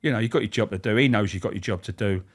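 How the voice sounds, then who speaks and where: A man, a former prison officer, telling profane, animated stories as a podcast guest. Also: fairly low pitch, rapid-fire, husky. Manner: animated, profane, laughing storyteller. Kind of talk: anecdotal storytelling.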